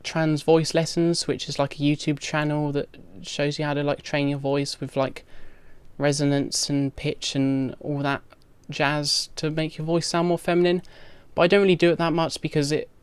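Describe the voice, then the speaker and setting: A young trans woman with a deep voice speaks frankly to the camera in a video diary, her tone level and clean and her speed normal. She is candid and uses lots of casual fillers, and the recording is dry.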